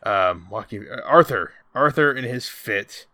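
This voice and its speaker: Podcast co-host, male, bright crisp tone, loose and animated storyteller. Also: mid-range voice, unhurried, dry recording, studio quality. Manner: rambling, profane, animated retelling. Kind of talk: casual film discussion.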